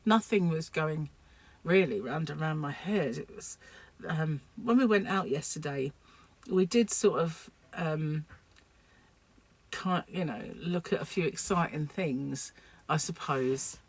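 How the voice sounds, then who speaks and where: A woman's voice: low-pitched, expressive, takes it slowly, no room sound. A sleep-deprived woman, rambling casually to camera in a home vlog, full of fillers and restarts. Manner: rambling, chatty, many fillers. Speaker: vlogger.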